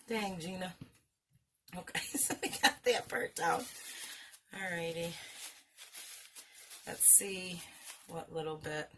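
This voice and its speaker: A woman's voice: on the low side, unhurried, pauses often, fairly bright tone, slight background noise. A woman hosting a craft video, chatting casually, mocking herself and laughing often as she works. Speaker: craft channel host. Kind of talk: casual craft-along chat.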